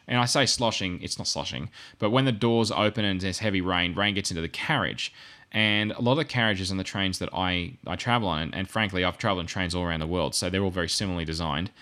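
Guy rambling on a podcast, catches himself and corrects, punchy bright voice. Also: fairly low pitch. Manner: rambling and self-correcting, with asides. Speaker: podcast co-host. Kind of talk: casual podcast discussion.

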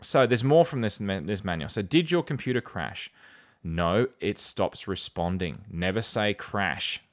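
A fairly low-voiced man hosting a chatty podcast. He talks in a wry, animated way and reads out quoted lines with dry sarcasm. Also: measured pace. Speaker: podcast host. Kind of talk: casual podcast chat.

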